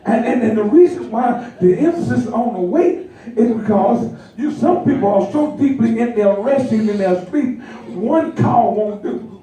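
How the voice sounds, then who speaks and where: A man preaches with a high, mellow voice, lively and laughing as he acts out the people in his stories. He sounds far from the microphone in a very echoey church hall. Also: unhurried. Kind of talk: sermon. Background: congregation responding.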